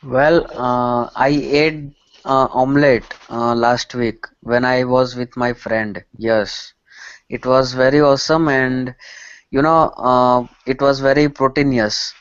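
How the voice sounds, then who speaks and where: A man's voice: mid-range voice, steady tone, takes it slowly, clean tone, no echo, muffled recording. A man chatting on a video call, hesitant and playful. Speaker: participant. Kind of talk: casual chat.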